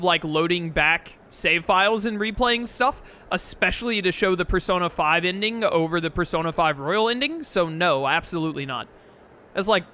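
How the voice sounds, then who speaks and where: A man's voice: high-pitched, pushed and bright. A man giving rambling, casual commentary while playing a game, filling his talk with "like.". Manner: rambling, heavy use of "like" fillers. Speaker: gameplay commentator. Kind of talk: casual let's-play commentary.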